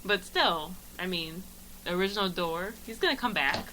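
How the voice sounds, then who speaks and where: Brief: bright, lively-pitched woman podcast guest with a dry wit. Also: moderate pace, slight background noise, poor audio. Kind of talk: casual podcast chat.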